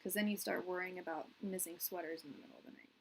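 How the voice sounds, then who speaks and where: A woman's voice: fairly low pitch, steady tone, fast, slight background noise, rough recording. A woman in her thirties giving a live tarot reading, rambling and earnest, full of restarts and "like", at times teary. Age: 30s. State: tearing up. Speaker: tarot reader.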